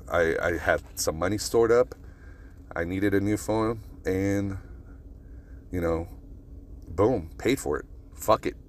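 A man with a very low voice hosts a casual solo podcast and brainstorms out loud, rambling and swearing freely. He records on a phone, and clear traffic and car noise sit behind him. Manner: rambling, profane, brainstorming aloud. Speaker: podcast host.

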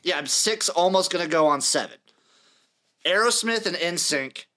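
A bright, somewhat high-pitched young man in his late twenties hosts a casual sports podcast. He runs through a list in order, reading out dates and acts with dry asides. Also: lively intonation, normal speed. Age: late 20s. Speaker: podcast host.

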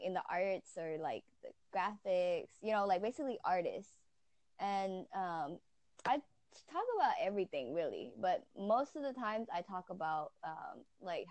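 A woman's voice: fairly low pitch, a little mellow, no echo. Chatty woman, dry close sound. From Houston, Texas. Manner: chatty, many "like" and "um" fillers, laughs often. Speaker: internet radio station host, guest. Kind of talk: casual chat.

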